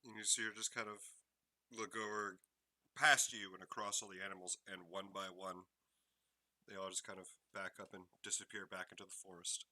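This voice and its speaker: A man runs a tabletop role-playing game as its game master. His voice is very bright and keen, set a little low. He paces his scene narration slowly and carefully. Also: little pitch movement. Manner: slow, measured scene-setting narration.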